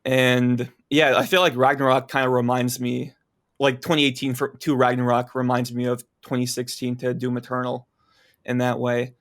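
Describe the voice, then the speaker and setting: A man's voice: medium pitch, little pitch movement, moderate pace, a bit bright. Easygoing young-sounding podcast man. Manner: easygoing, many "like" fillers. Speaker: podcast guest. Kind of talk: casual podcast chat.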